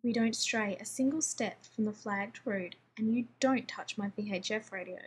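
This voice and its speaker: A woman's voice: medium pitch, normal speed, a little hiss or hum, natural voice. A woman voicing a grumpy, demanding male scientist who talks in a snappish, sarcastic way, read as part of a story.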